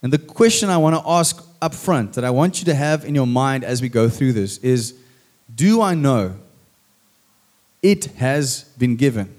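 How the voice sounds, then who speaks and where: Male pastor, relaxed sermon voice, light humor, quizzes the crowd. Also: medium pitch, measured pace. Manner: chatty, jokey, asks the audience questions. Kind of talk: casual sermon to a congregation.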